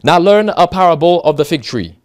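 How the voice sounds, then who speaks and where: High-voiced American man preaching. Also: expressive, fairly quick. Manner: reads passages aloud with frequent fillers and restarts, stressing key words. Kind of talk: sermon-style Bible study.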